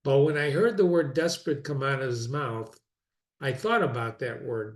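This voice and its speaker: A man's voice: mid-range voice, lively intonation. A man reading classic philosophy aloud and commenting on it, reflective and conversational, often repeating phrases for emphasis. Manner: reads quoted passages slowly and deliberately. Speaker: reader and teacher of classic philosophy.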